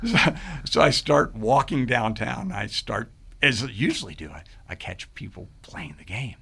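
A middle-aged man, a podcast guest, telling animated stories and acting out quoted voices. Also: mid-range voice, moderate pace, vocal fry, slightly rough. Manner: lively, acts out quoted voices. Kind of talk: animated storytelling.

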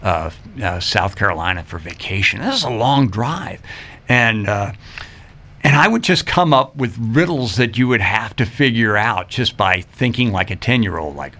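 An older retired man, a guest on a radio talk show, telling stories in an animated way and acting out quoted voices. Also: on the low side, moderate pace. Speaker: radio guest, riddle writer. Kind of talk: casual radio interview chat.

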